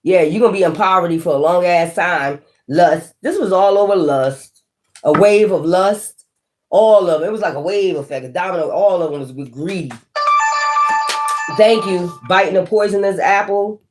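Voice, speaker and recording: A woman's voice: on the low side, normal speed, a little mellow, soft background music. A woman giving a tarot reading in a blunt, profane manner, laughing often and talking straight to the listener. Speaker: tarot reader.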